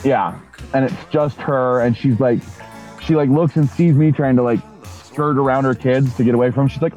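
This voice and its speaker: A man casually telling a profane story on a podcast in a deadpan way. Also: medium pitch, a little fast, faint music behind, low-quality recording. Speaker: podcast co-host.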